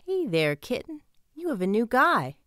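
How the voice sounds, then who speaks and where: A woman puts on a big, friendly young bouncer with a Southern drawl, easygoing and bantering, his voice pitched well above her own low narration. It reads like an audiobook character. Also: very animated, normal speed, a bit bright, dry recording, clean studio sound. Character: friendly burly male bouncer in his twenties.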